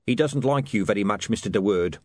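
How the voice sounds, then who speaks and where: A man's voice: on the low side, expressive, brisk, a little mellow, no room sound, clean studio sound. A man voicing a shifty, wheedling street hawker in an audiobook.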